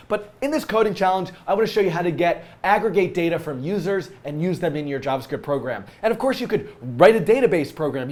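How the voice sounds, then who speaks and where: A man's voice: on the high side, a little mellow. A man with a scratchy voice from a cold, hosting a live-coding tutorial and thinking aloud with frequent fillers.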